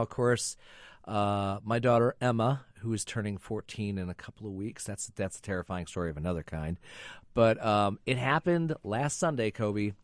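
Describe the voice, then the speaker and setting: A man's voice: medium pitch, no room sound, studio quality. A middle-aged man hosting, telling stories in a rambling, self-interrupting way with chuckles. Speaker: host. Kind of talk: casual chat.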